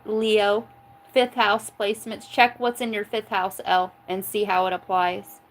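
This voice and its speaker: A woman's voice: medium pitch, little pitch movement, measured pace, low-quality recording. A chatty woman from Oklahoma hosting a live tarot stream. She talks in a loose, casual way, swears freely, cracks jokes and breaks into laughter often. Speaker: tarot reader reading live chat. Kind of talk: casual livestream chat.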